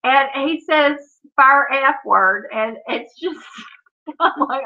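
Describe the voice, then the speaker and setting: Woman, 40s, high voice, laughs a lot, chatty live-stream host, dull lo-fi audio. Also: expressive, slow pace. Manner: laughs often, storytelling, says "Oh, Lord". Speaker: livestream host. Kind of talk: casual live-stream chat reading comments.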